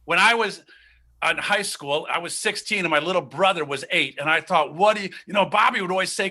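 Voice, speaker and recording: A high, very bright male voice spins a homespun tale from an Ohio farm boyhood. He is lively and theatrical, jumping into the voices of the people in his story. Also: brisk, creaky, breathy edge. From Ohio, USA. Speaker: guest storyteller. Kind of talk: told personal story.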